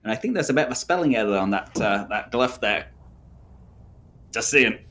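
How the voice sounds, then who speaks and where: A man joining a tabletop game on a voice call, teasing the table in a playful way. His pitch moves a lot, and when he reads in-game text aloud he slows down and turns dramatic. A faint hiss sits under his voice. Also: animated. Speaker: player. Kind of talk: casual chat and in-character play.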